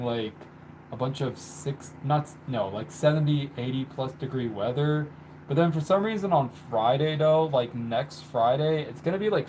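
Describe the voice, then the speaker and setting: A man's voice: medium pitch, darkish tone, a little hiss or hum. A man from North Carolina chatting casually to his live-stream viewers, rambling and laughing often mid-sentence. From North Carolina, USA.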